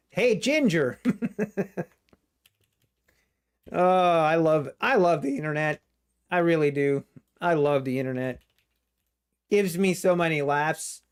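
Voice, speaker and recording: Casting: male trading streamer, unhurried delivery, laughs often, jokes in mock alarm. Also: fairly high pitch. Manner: laughing, mock-panicked joking about the market. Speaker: day trading livestream host. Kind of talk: live trading stream commentary.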